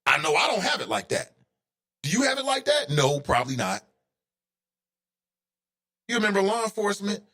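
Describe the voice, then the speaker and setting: Male talk host, higher-pitched voice, heated solo ranting commentary. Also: wildly swooping pitch, fairly quick, creaky, pushed and bright. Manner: heated, ranting, rising to indignant outbursts.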